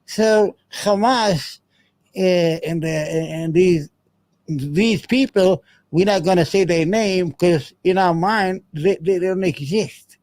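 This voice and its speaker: A man talks over clips as the host of a commentary show. His voice sits fairly high but sounds dark, and his talk is blunt, profane and rambling, with many restarts. The recording is dry. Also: takes it slowly, dry recording. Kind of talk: casual commentary.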